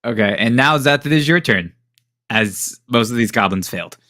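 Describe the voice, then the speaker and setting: A man's voice: mid-range voice, lively intonation, normal speed, bright, forceful tone, dry recording, studio quality. A man running a tabletop game as game master, narrating casually with many fillers and chuckles.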